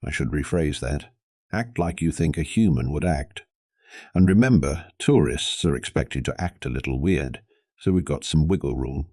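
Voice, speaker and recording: A man with a very deep voice voicing a weary, patient human man teaching a group of aliens in an audio story. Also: animated, moderate pace, darkish tone, no room sound, studio quality. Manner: patient, long-suffering.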